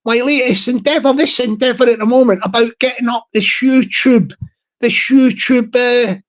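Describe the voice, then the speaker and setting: A man's voice: very high voice, fairly even intonation, moderate pace. Rambling jokey man hosting a comic vlog. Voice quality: jokey, repetitive, chuckling. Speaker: channel host.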